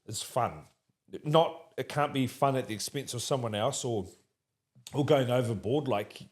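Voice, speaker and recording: A man with a New Zealand accent interviewing a guest in a casual, animated way, laughing often and restarting his sentences. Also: medium pitch, normal speed.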